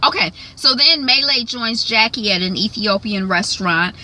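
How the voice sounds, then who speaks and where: A woman talks through a TV recap in a loose, chatty way, filling pauses with ums. Her voice is bright and clear, and it sits at an ordinary pitch for a woman. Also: lively intonation, poor audio. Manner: chatty, many ums, laughs often. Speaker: recap vlogger. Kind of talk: casual TV recap chat.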